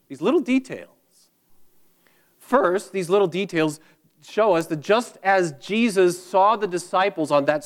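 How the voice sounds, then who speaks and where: Man preaching with emphatic repetition. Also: fairly high pitch. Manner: emphatic preaching with repeated phrases and dramatic pauses. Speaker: pastor. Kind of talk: sermon.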